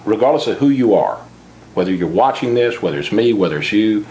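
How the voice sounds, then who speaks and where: A man's voice: lowish voice, lively intonation, fairly quick, dark tone. A man being interviewed as the author of a finance book, talking earnestly and sometimes repeating a word as he starts a thought. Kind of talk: interview about personal finance.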